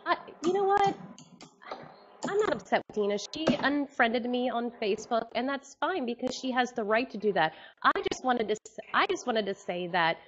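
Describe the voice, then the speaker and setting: A woman's voice: fairly high pitch, expressive, a little fast, few pauses, muffled recording, very noisy. A woman co-hosting a wrap-up show, joining by webcam and talking enthusiastically. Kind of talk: casual webcam chat.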